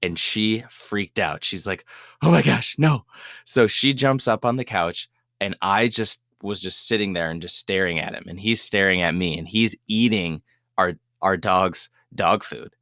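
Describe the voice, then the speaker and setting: A young adult man casually telling a funny personal story, acting out what was said with sudden jumps to a higher voice. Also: unhurried, dry recording, studio quality. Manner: animated storyteller, acts out quoted lines in a higher voice. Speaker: podcast host.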